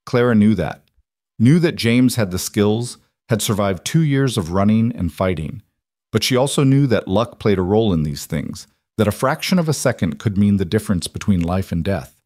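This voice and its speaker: Low-voiced male story narrator. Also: normal speed, dry recording, clean studio sound. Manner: even, steady storytelling.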